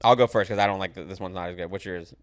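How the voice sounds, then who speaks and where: A man with a lowish voice, easygoing and loose. He chats casually on a podcast, swearing freely and laughing at his own anecdotes. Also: steady tone, racing. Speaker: podcast host. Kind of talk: casual chat.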